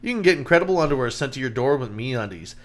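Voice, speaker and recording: A man's voice: mid-range voice, animated, fast. A man co-hosting a podcast, reading a sponsor ad casually and joking around with his co-host. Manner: joking, breaks up laughing while reading. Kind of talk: casual ad read.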